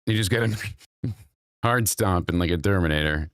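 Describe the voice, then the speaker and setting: Excitable man with a low voice. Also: normal speed, no echo, clean studio sound. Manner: excitable, swears loudly, jumps high in pitch when worked up. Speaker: podcast host. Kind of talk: casual chat while watching clips.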